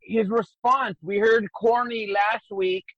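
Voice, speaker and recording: High-voiced man, dry dull sound. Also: steady tone, slow pace. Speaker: podcast co-host. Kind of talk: casual chat.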